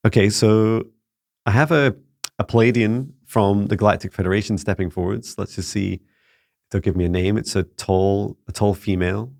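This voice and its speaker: This Scottish speaker fields viewer questions casually, his voice low-ish with a gravelly edge. He speaks sincerely but haltingly, often restarting what he's saying, and the recording is close-miked and dry.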